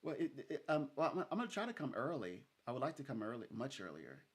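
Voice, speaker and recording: Lively rambling man. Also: mid-range voice, quick pace, husky. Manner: rambling, laughs often, acts out quoted speech. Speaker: psychic reader. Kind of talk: casual chat with a client.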